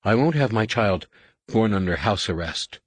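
A stubborn, strong-willed pregnant woman speaks with insistence in an audiobook, voiced by a man. The voice is lifted and husky. The recording is close and dry. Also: lowish voice, lively intonation, normal speed, dry recording.

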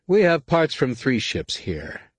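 A man's voice: sits low, lively intonation, moderate pace, darkish tone, husky, no room sound. A man voicing a stern, commanding teenage male Jedi who speaks in a firm, clipped way.

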